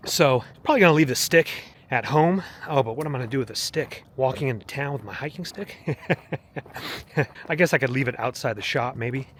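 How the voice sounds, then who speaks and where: An earnest man rambles and preaches as he walks a mountain trail, his voice at an ordinary middle pitch. Faint outdoor ambience sits behind him. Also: brisk, a bit bright, slight background noise. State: walking, heart rate up. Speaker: vlogger. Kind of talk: casual walking vlog testimony.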